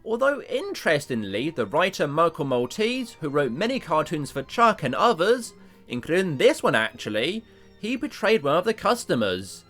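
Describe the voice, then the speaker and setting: A man narrating a cartoon review video with animated, self-deprecating jokes. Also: fairly high pitch, moderate pace, soft background music.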